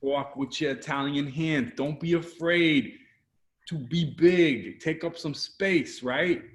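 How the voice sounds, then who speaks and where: A man's voice: on the high side, takes it slowly. A man with a Canadian accent, a guest photographer talking animatedly in a casual video interview and acting out quotes. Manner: energetic, animated, acts out quotes.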